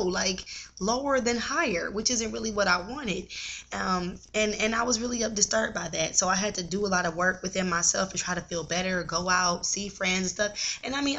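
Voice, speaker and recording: A young adult woman talking straight to camera in a casual vlog, venting in an animated way and swearing now and then. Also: on the high side, lo-fi sound. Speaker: vlogger.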